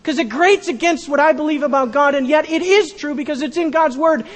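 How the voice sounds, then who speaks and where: A pastor preaching a sermon, repeating key phrases and swinging from loud emphasis to a hushed tone. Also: male voice, very high voice, a little fast, few pauses, in a large hall.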